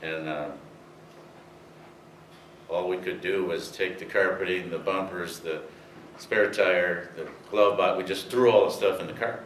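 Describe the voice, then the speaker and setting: Unhurried and steady in tone, an older man with a low voice tells an audience loose racing anecdotes, using many fillers. A faint hiss sits under a roomy, distant recording.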